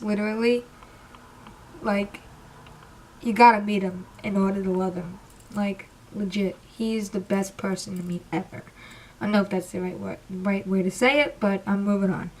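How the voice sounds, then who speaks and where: A young woman telling an excited, rambling storytime about meeting her idols, emotional and close to tears. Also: medium pitch, a little hiss or hum. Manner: gushing, rambling, says literally a lot. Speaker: vlogger.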